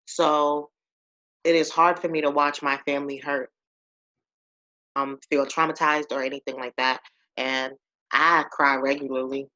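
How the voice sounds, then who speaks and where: A woman's voice: deep voice, level tone, measured pace, pauses often, pushed and bright, lo-fi sound. A woman co-hosting a podcast in casual chat, frank and laughing, nibbling food as she talks. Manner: frank, laughing, eating while talking.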